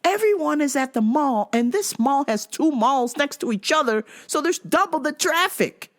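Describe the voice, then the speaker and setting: A woman vlogger telling a comic story, swearing constantly and shouting out the lines she quotes. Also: high voice, lively intonation, normal speed. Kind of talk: profane comedic storytelling.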